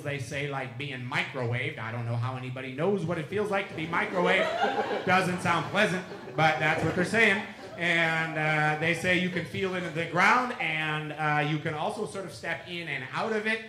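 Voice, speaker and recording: A man's voice: a little high, normal speed, pushed and bright, slight background noise. A man giving a public talk as an author, telling stories chattily and acting out the dialogue he quotes. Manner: chatty anecdotal storyteller who acts out quoted dialogue. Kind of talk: lecture with storytelling. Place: lecture room with an audience. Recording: roomy echo in a lecture room.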